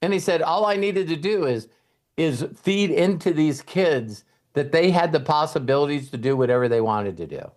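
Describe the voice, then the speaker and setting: A man's voice: a little high, animated, moderate pace, darkish tone. A middle-aged man hosting a motivational talk, telling stories and acting out quoted voices with some casual swearing. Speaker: host and mentor.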